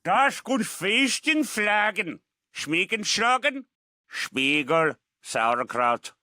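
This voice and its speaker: A man's voice: low-pitched, very animated, moderate pace, creaky, no echo, clean studio sound, pitched below the performer's own voice, heavily acted. A man playing a menacing male terrorist leader, spouting mock German gibberish and cold threats.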